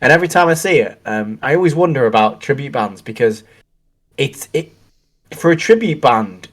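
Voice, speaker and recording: A man's voice: medium pitch, expressive, normal speed. A middle-aged man co-hosting a casual chat, talking in rambling, reflective sentences full of restarts. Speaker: co-host.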